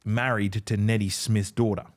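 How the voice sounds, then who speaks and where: In a casual podcast chat, a middle-aged Australian man who once played rugby league tells stories at a moderate pace. His voice is fairly low and level, and he swears freely while imitating what others said.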